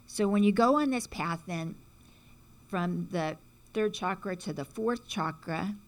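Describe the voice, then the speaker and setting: A woman's voice: on the low side, creaky. A woman giving a casual spiritual talk, chatting along and often checking in with "right?". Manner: chatty, frequent "right?" checks, acts out quotes. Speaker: teacher explaining symbolism.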